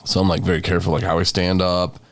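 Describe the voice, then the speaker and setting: A man's voice: sits low, flat delivery, quick pace, no room sound. A young man with covid, hosting a casual podcast and rambling in a tired, joking way. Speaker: podcast host.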